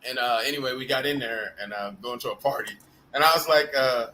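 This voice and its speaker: With a medium-pitched voice and a brisk delivery, the host of a live group chat tells meandering, foul-mouthed stories and keeps bursting into laughter. Background noise runs under the call.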